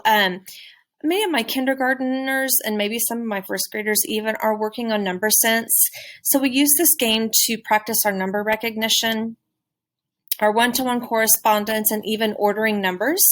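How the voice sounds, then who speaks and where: A woman teacher giving a recorded presentation on a classroom game, speaking clearly and encouragingly. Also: on the high side, normal speed, a bit bright. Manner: clear, encouraging, with modeled questions.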